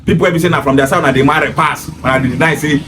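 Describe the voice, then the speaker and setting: A man's voice: fairly high pitch, racing, noisy background. A Nigerian man with a Pidgin-inflected English accent, delivering an emphatic, repetitive opinion monologue in a lecturing tone. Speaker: commentator.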